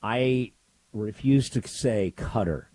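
Grumbling opinionated man, husky dark voice. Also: fairly low pitch, expressive, moderate pace, no echo. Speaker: radio host. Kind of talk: casual on-air chat.

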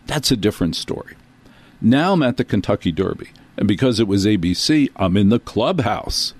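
A talk show host from New Jersey with a fairly low voice, telling a long story in a loose, rambling way. He breaks off for self-deprecating asides and comic tangents. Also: lively intonation, moderate pace, breathy edge. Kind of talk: storytelling monologue.

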